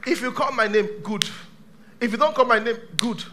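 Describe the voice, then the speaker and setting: A male pastor preaching a sermon to a live church congregation, dramatic, swinging from shouts to hushed tones. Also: extremely high pitch, normal speed, slight background noise.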